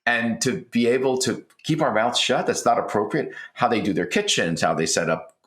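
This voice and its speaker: In a roomy, echoing space, a man in his sixties co-hosts a podcast, speaking at normal speed in a mid-range voice. He earnestly tells family stories in a conversational way, his voice lifting when he gets excited.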